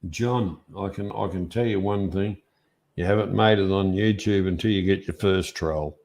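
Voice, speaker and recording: A man's voice: low-pitched, normal speed, darkish tone. An Australian man chatting on a livestream, crude and blunt, laid-back banter. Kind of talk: casual drunk banter.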